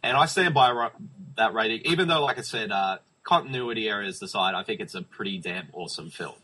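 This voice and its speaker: A man co-hosting a casual movie review podcast, chatty and quick to laugh. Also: lowish voice, lively intonation, pushed and bright, breathy edge, poor audio. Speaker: podcast co-host.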